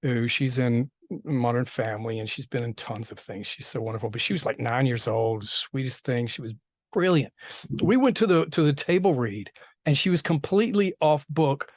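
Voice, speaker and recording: A man's voice: mid-range voice, lively intonation, normal speed, no echo. A man, a film director, telling stories in a casual interview, rambling with many restarts and fillers. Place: interview set.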